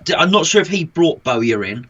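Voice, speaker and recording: Bright-voiced joking man. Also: a little high, big pitch swings, brisk, dull audio. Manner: jokey, playful, laughs often. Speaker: podcast co-host. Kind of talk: casual chat.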